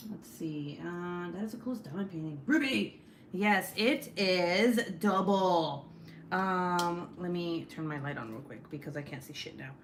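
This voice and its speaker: A woman's voice: on the low side, a little slow, a little hiss or hum. Chatty woman rambling on a craft livestream. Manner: chatty, rambling, swears freely, reads chat comments aloud. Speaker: craft channel host. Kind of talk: casual livestream chat.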